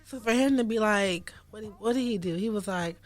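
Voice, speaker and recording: Outspoken, animated young woman. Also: medium pitch, fairly quick, soft background music. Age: young adult. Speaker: podcast guest. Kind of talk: casual chat.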